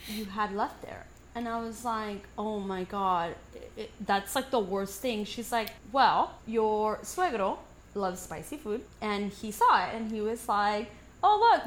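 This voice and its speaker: A woman in casual podcast chat, telling a long story with lively, profane delivery. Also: mid-range voice, a little hiss or hum. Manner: animated storyteller, swears freely. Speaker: podcast co-host.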